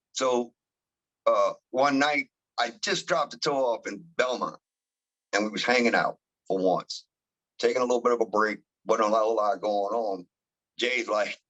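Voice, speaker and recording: Animated South Louisiana riverboat captain. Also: male voice, on the low side, dull audio. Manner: animated storyteller, laughs often, acts out quoted crew voices; rambling with many restarts and slang. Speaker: towboat captain. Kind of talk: casual storytelling interview.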